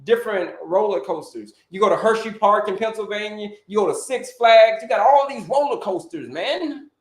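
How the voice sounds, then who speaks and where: A high-voiced man from Orlando, Florida, works as a health coach and hosts a casual live stream, coaching viewers at a moderate pace. He's energetic and repetitive, circling back over the same points and calling out to his audience, while the sound bounces around an echoey room.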